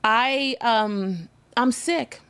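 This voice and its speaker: Female host, fairly high voice, candid confessional storytelling, speaks straight to the viewers, swears casually. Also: drawn-out words, a bit bright, smooth. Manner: candid, emotional, talks to viewers directly, swears.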